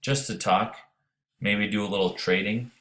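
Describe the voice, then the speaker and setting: A ragged young Southern rebel soldier boy, as a man reads him aloud calls across in a soft, low drawl. His easygoing voice sits a little higher than a man's usual deep tone, with an audiobook feel. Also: fairly even intonation, moderate pace, lightly acted. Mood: friendly.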